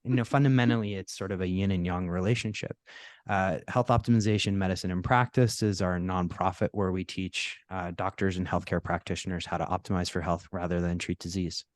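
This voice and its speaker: A middle-aged man, a podcast guest, explaining his work in relaxed interview chat with a touch of self-deprecating humor. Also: deep voice, fairly quick, no room sound. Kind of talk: casual interview talk.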